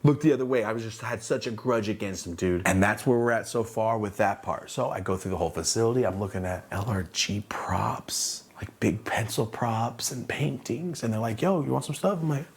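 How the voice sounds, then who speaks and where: Male storyteller, husky and low, animated story-time vlog delivery. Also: a little fast, hardly any pauses. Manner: animated, acts out quoted dialogue, swears freely. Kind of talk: casual story-time monologue.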